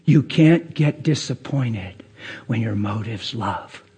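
A man preaching a sermon to a church crowd. He moves from hushed whispers to excited, nearly shouted lines and acts out people's voices in his stories. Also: slow pace, breathy edge. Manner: swings between hushed whispers and high excited near-shouting.

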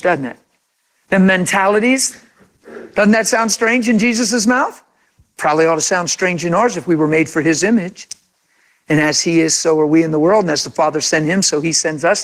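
A man's voice: sits high, moderate pace. Impassioned man preaching a sermon. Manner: impassioned, conversational, acts out imagined quotes.

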